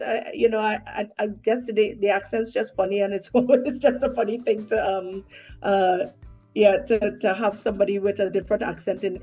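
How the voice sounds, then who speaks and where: A woman in her forties with a Trinidadian accent, a stage actor chatting casually, often laughing and pausing mid-thought. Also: mid-range voice, highs cut off. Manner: warm, laughs often, halting. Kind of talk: casual conversation.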